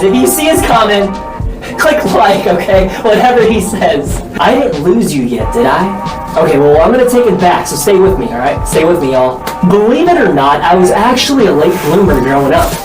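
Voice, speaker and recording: A young man cracking jokes at his own expense as he chats to viewers, his voice swinging up and down with lively energy. He sounds a bit far from the mic in a roomy, echoey space, with music running underneath. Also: high-pitched, normal speed. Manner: joking, playful, self-teasing. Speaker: vlogger. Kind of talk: casual vlog talking to viewers. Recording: echoey room, mic at a distance, music behind.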